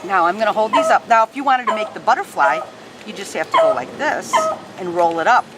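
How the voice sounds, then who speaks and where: A woman leads a hands-on paper-folding tutorial from home, patiently explaining every fold and chatting to her dogs. Her voice is medium in pitch, animated and a little fast, with heavy noise in the background.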